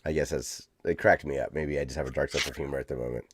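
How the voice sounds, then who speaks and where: A man's voice: rumbling low, steady tone, fast, slight background noise. A man co-hosting a casual podcast, talking in an easygoing, hesitant way. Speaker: podcast co-host.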